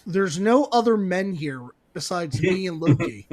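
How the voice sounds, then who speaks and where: A crude, wisecracking adult antihero, as a man puts him on while retelling a comic. He talks in a slightly lower, hushed tone full of sarcastic asides. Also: expressive, unhurried. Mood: baffled.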